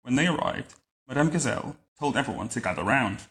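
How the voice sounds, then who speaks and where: A man reading a picture book aloud to a child at home, adding wry, deadpan comments between the lines. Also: medium pitch, fast. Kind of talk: bedtime story reading with joking asides. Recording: roomy echo.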